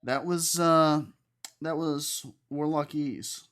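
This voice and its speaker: A man playing a tabletop game, describing his character's actions in an unhurried way. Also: on the high side, steady tone, fairly bright tone, slight background noise. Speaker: player.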